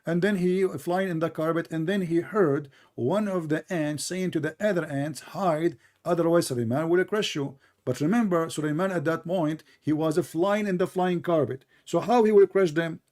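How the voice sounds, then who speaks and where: Brief: male debate host, sarcastic and combative, higher voice. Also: moderate pace, hardly any pauses, a little mellow. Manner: sarcastic, combative, non-native English. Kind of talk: mocking religious debate.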